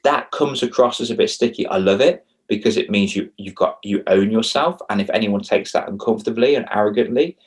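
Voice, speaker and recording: Lively young man with a low voice. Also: fairly quick, few pauses. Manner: animated, acts out quoted dialogue with big pitch jumps. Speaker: confidence coach for kids. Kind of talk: casual podcast interview.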